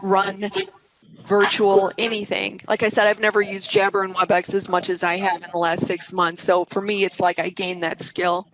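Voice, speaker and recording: Flat-voiced speaker on a call. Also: medium pitch, normal speed, crowd noise, poor audio. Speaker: team member on a panel. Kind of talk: casual chat.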